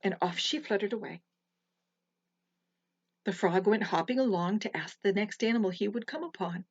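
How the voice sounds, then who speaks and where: A woman telling folktales to children in a soft, gentle way, with hushed asides. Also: medium pitch, moderate pace, husky, dry recording. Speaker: storyteller. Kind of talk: storytelling for children. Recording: slightly muffled, dry recording.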